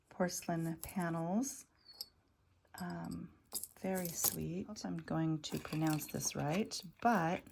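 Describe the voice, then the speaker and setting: Casual woman vlogger with a low, gravelly voice, enthusiastic, sometimes hushed. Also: slight background noise. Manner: chatty, enthusiastic, drops to soft near-whispers over delicate pieces. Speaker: vintage jewelry reseller showing finds. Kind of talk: casual show-and-tell vlog.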